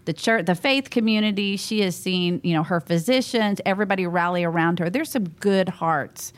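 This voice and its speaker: A woman, a guest in an interview, telling a story in a lively conversational way and acting out what people said. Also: lowish voice, moderate pace. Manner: animated, acts out what people said.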